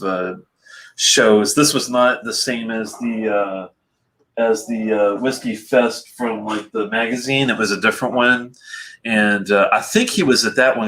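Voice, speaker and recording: A man's voice: fairly low pitch, fairly bright tone, poor audio. A man co-hosting a casual whisky chat, easygoing and conversational. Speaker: whisky podcast co-host.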